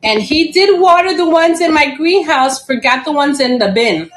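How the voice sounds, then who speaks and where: The recording is rough, but it captures a middle-aged woman's expressive, somewhat bright, high-sitting voice at a normal pace. Running a casual live plant sale, she chats, giggles frequently, and fumbles plant names, at times spelling them.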